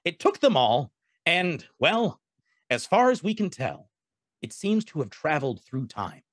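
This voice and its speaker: A man's voice: fairly high pitch, sing-song, no echo, clean studio sound. Neil deGrasse Tysotron, a man doing a glitchy meerkat android. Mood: distraught. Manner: fretful, rambling explanation with halting restarts. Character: glitchy mutant android meerkat scientist, male, anxious.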